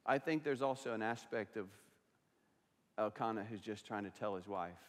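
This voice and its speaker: A man preaching a sermon as pastor, swinging between loud passionate stretches and hushed, quiet ones. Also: lowish voice, moderate pace. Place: church sanctuary. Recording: long reverb of a large hall.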